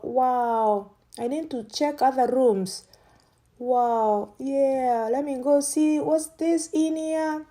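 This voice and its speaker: A woman's voice: sits high, takes it slowly, mellow. A woman vlogger giving casual running commentary, thinking aloud and often breaking into exclamations of delight.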